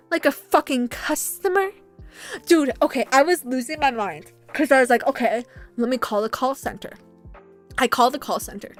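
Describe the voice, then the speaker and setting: This is a young woman with a strikingly high voice, chatting casually on a home livestream. She tells stories in a loose, rambling way, gets animated, and swears freely. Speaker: streamer.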